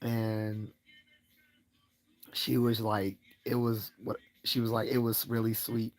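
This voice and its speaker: A man hosting a livestream speaks slowly with a completely flat delivery as he rambles through a casual personal story. He laughs often and raises his voice to act out quoted lines.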